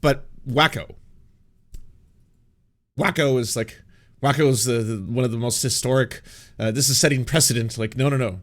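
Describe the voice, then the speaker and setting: A man's voice: medium pitch, normal speed, pauses often, fairly bright tone. A man hosting a casual news commentary show, sarcastic and often laughing, reading bits aloud and mocking them. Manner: sarcastic, laughing, mock-pompous asides.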